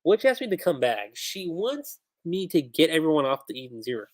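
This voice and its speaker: A livestream reviewer reading out a young male hero's lines quickly while recapping a manga chapter. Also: medium pitch, sing-song, a little mellow. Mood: determined. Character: young hero, energetic and determined.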